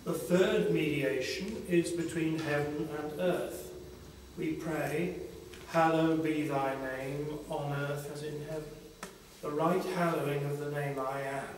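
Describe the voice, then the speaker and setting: An older man giving a slow, reflective spiritual talk at a conference panel, pausing often between phrases. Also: a little high, fairly even intonation, slight background noise. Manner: slow, reflective, with long pauses. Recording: echoey hall from far off.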